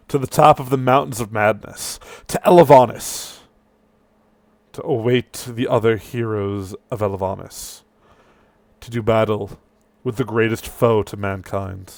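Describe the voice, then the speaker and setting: A man narrating a tabletop game as game master, playful and animated. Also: fairly low pitch, a little slow, no room sound, clean studio sound.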